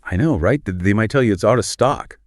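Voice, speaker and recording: A man's voice: lowish voice, animated, a little fast, no room sound, clean studio sound. A male co-host of an English lesson podcast, upbeat and explaining pronunciation tips.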